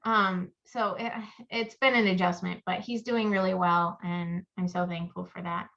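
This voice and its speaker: A woman's voice: on the low side, level tone, moderate pace, creaky, fairly bright tone. A woman co-hosting a casual chat podcast, rambling through stories and acting out her own inner voice. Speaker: podcast co-host. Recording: muffled lo-fi audio.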